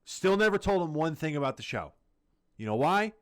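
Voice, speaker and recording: A man's voice: on the high side, sing-song, moderate pace, fairly bright tone, clear, resonant tone. A man co-hosting a podcast in casual chat, ranting heatedly and swearing a lot. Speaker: podcast co-host.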